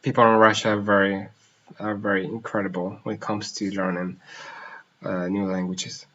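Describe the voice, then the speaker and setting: His voice sits on the low side, a bit bright, with little pitch movement and a moderate pace. As a language teacher hosting an easygoing live question-and-answer stream, he reads viewer questions aloud and changes languages mid-sentence. The recording is dull, lo-fi stream audio.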